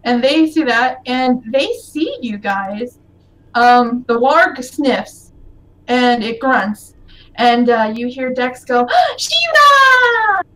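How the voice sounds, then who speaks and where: A woman's voice: fairly high pitch, slow, far from the mic, low-quality recording. A woman narrating a tabletop game as game master, casual with frequent fillers.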